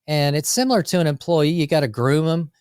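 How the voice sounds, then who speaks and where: A man co-hosting a casual business podcast, talking energetically through lists with quick asides about running a landscape company. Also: a little high, darkish tone, clear, resonant tone, dry recording, clean studio sound.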